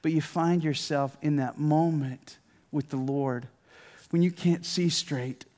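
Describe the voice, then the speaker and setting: Higher-voiced man preaching, hushed to emphatic. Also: fairly even intonation. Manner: swings from emphatic preaching to hushed, near-whispered prayer; reads scripture aloud with dramatic pauses. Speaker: pastor. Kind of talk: sermon.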